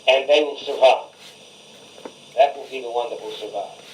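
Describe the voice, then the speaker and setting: An older man, a rabbi, giving a Torah class, who chants Hebrew phrases slowly and then explains them in a conversational tone. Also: mid-range voice, fairly even intonation. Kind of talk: Torah lecture, translating Hebrew verses line by line. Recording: roomy recording from a distance with faint hiss.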